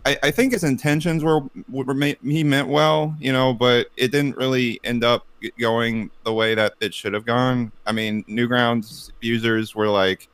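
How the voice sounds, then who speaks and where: A man's voice: steady tone, unhurried, hardly any pauses, a bit bright, smooth, dry recording. A man telling a story on a casual group podcast, rambling with lots of fillers and restarts. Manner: puts on silly high cartoon voices.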